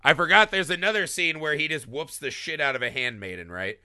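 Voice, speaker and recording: A man co-hosting a casual film podcast, animated, acting out movie lines as he talks. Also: on the high side, a little fast, no echo, studio quality. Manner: animated, quotes movie lines in put-on voices. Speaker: podcast co-host.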